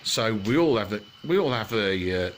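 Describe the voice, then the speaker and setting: A man telling a rambling comic bedtime story, full of halting restarts. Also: on the low side, animated, a little hiss or hum.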